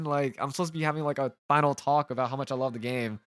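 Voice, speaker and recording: A man talks over a video game in a frustrated, rambling way, full of stops and restarts. His voice sits in a middle pitch. The sound is dry and close, with little room echo. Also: steady tone, quick pace, fairly bright tone, clean tone. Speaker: gaming channel host. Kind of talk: let's play commentary.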